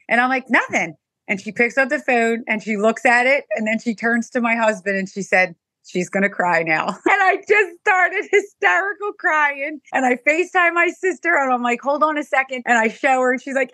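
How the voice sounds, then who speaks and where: A middle-aged woman, a guest mother, telling an emotional personal story with animated storytelling and acted-out dialogue. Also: fairly high pitch.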